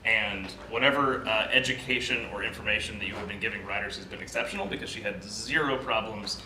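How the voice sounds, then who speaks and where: A man's voice: on the low side, fairly quick. A man chairing a board meeting, easygoing and a little apologetic as he runs through procedure. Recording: echoey room with clear background noise.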